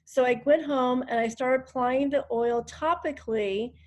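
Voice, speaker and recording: A woman's voice: sits high, normal speed. A woman hosting a group call, chatting casually with frequent ums. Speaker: host of a group wellness call. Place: hotel room. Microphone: online group call.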